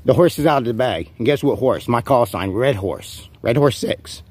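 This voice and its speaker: Husky man in a profane taunting rant. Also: medium pitch, lively intonation, normal speed, a little mellow. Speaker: vlogger. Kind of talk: in-character rant to camera.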